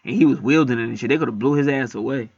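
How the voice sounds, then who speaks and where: A man's voice: medium pitch, racing, slightly rough, no room sound, muffled recording. A man on a spiritual channel retelling a film in a casual, rambling, emphatic way, swearing freely and preaching. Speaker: spiritual vlogger.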